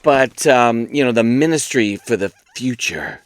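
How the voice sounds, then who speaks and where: A man's voice: medium pitch, measured pace, clear, resonant tone, dry recording, studio quality. A man hosting a book video, rambling and joking at his own expense in casual chat. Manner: rambling, self-mocking and jokey. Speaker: booktube host.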